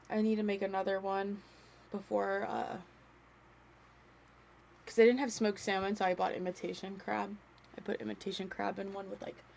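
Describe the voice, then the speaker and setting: A woman's voice: medium pitch, gravelly, slight background noise. A young woman casually chatting and laughing while playing a game, swearing freely. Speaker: gaming streamer. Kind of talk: casual gameplay chat.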